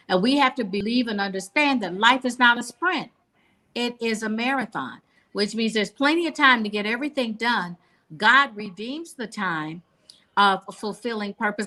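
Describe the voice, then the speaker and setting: A woman's voice: medium pitch, bright, forceful tone. A woman author and guest giving an inspirational talk on a video call, earnest and preachy.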